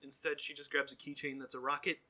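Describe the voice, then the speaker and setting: A man's voice: on the high side, level tone, fast, sharp tone. A man casually recapping a TV episode as a podcast co-host, with dry, laid-back asides. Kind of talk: casual chat.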